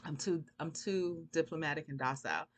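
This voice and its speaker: A woman's voice: low voice, brisk. A woman vlogging, telling a long casual story in a rambling, chatty way and laughing often.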